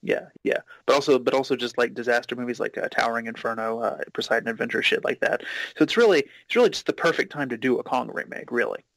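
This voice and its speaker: A man's voice: mid-range voice, fast talker, hardly any pauses, fairly bright tone, no room sound, low-quality recording. A man co-hosting a casual movie commentary, rambling with lots of fillers and casual swearing. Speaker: commentary co-host.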